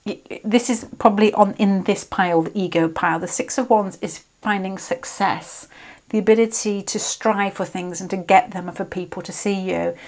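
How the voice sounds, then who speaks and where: A woman's voice: mid-range voice, steady tone, moderate pace, a little mellow. A British woman giving a casual, rambling tarot reading, often breaking off and restarting her sentences. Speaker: tarot reader.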